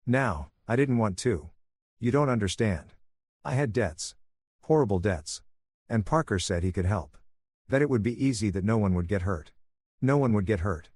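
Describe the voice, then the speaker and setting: A desperate, tearful wife caught in her own scheme, pleading and apologizing, as a male narrator puts her on in a story reading. The voice sits fairly low with only a small lift for her. The sound is dry and close, with no room around it. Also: lively intonation, normal speed, a little mellow, no room sound.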